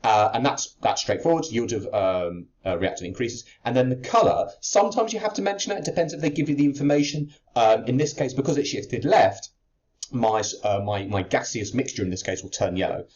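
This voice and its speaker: Lively and fairly quick, a man with a medium-pitched, slightly mellow voice teaches chemistry exam technique. He explains step by step while writing out a worked answer, with fillers and restarts, on slightly dull lo-fi audio.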